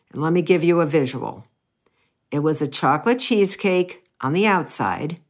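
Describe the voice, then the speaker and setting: Low-voiced woman chef telling funny stories. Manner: playful, chatty, asides to the listener. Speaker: pastry chef. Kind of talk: humorous personal storytelling.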